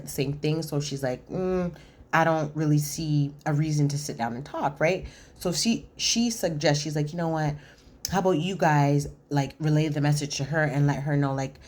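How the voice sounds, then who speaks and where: A woman's voice: low-pitched, darkish tone. A woman giving a casual reality TV recap, chatty and opinionated, acting out what people said with lots of "like.". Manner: chatty, acts out quotes with many "like"s.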